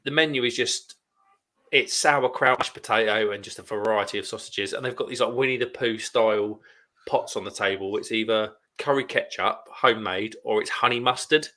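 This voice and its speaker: A man co-hosting a beer livestream, telling an animated story and laughing as he goes. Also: on the low side, normal speed. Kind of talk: casual drinking chat.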